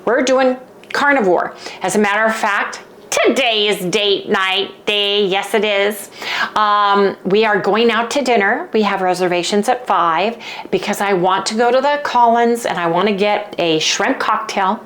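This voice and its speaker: Woman, Southern Californian accent, vlog host, rambling casual chat, middle pitch, home kitchen. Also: fairly bright tone. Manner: chatty and rambling, quick to apologize. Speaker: channel host.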